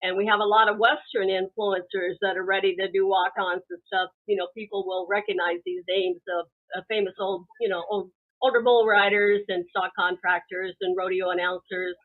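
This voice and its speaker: A woman's voice: mid-range voice, flat delivery, normal speed. A woman guest calling in to a talk show, chatting in an easygoing, conversational way. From American West. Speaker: guest, film producer. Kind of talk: casual interview chat. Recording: tinny phone line.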